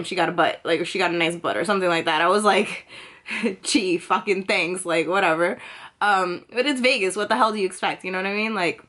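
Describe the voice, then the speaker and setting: A woman's voice: medium pitch, fairly bright tone. A young woman vlogging, telling a personal story in a chatty, casual way, full of filler words and swearing freely.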